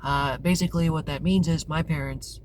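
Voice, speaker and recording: A man's voice: a little high, fairly even intonation, normal speed. A man hosting a tarot channel, talking casually and candidly to camera, rambling and often restarting his sentences. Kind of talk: casual confessional talk to camera. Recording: clear background noise with vehicle sounds.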